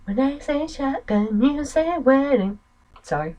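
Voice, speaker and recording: A woman narrating her own game run with chatty, joking asides. Her voice is fairly high and swings widely in pitch. She talks at an unhurried pace. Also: lively intonation, dark tone, rough recording. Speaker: gamer. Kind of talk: let's play commentary.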